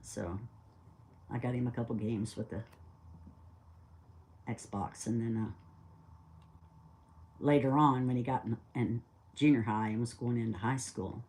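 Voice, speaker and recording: A woman's voice: rumbling low, unhurried, long pauses, a little mellow. Chatty older woman telling a story. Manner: chatty, rambling, acts out dialogue. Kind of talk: casual spoken storytelling.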